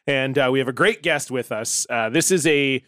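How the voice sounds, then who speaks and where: A man's voice: medium pitch, moderate pace, a bit bright, dry recording, clean studio sound. A man co-hosting a podcast, chatting loosely with laughs and swearing. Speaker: podcast co-host. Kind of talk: casual podcast banter.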